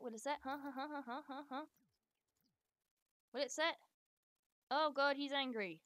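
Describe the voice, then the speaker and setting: A woman casually commenting while she streams a life-sim game, chatty and sweary, talking to her characters and breaking into excited squeals. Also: fairly high pitch, dry recording. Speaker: live streamer.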